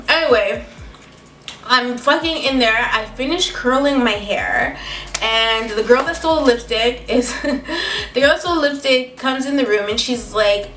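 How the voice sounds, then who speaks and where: A young woman telling a storytime vlog with lots of swearing and emphatic, animated delivery. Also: on the high side. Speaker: beauty vlogger. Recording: roomy, distant mic, faint music.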